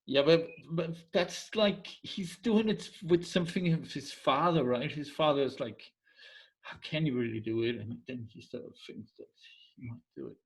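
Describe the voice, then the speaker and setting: A man telling folk tales and their morals in a relaxed conversational way, often pausing to search for words and dropping into quiet asides. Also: on the high side, low-quality recording. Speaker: storyteller. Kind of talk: casual oral storytelling.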